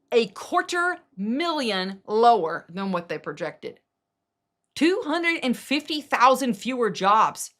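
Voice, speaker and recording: A woman's voice: fairly high pitch, a bit bright. A middle-aged woman giving casual opinion commentary, emphatic and sarcastic, with mocking asides as she rants. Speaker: political commentary vlogger.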